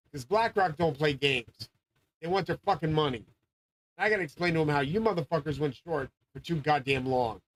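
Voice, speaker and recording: Profane ranting man with a higher voice. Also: poor audio. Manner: rambling, swearing, grandiose; often yelling. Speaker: channel host. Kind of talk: profane monologue rant.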